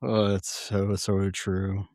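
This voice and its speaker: A man's voice: deep voice, monotone, slow pace, darkish tone, no room sound, studio quality. A man co-hosting a podcast, chatting casually and laughing often. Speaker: podcast co-host. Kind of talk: casual chat.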